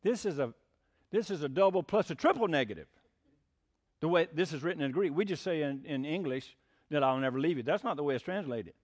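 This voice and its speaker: A man's voice: fairly high pitch, lively intonation, brisk. An older man preaching a folksy sermon as pastor, mixing homespun jokes with emphatic preaching. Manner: homespun, jokey asides, rising to emphatic preaching.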